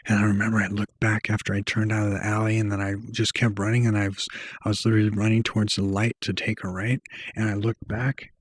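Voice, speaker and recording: A man's voice: fairly low pitch, level tone, fast, breathy edge, no echo. A young man telling a personal story to camera in a rambling, slangy way, full of fillers. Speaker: vlogger. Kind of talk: casual storytelling.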